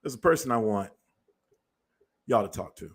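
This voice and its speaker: A man's voice: lowish voice, animated, moderate pace, slightly rough. A man hosting a show, delivering a blunt, profane commentary monologue. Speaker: show host.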